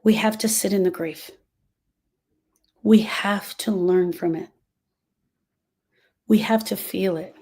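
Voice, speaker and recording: A woman's voice: mid-range voice, fairly even intonation, slow, long pauses, darkish tone, slightly rough. A woman hosting a live stream on grief, speaking earnestly and directly to viewers and repeating her key phrases for emphasis. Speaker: grief support host.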